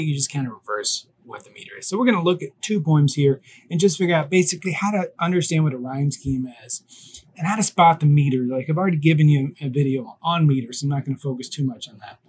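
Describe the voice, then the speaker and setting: A man's voice: a little high, a little mellow, husky. A man teaching a recorded online class, talking casually and thinking aloud as he works through an example step by step.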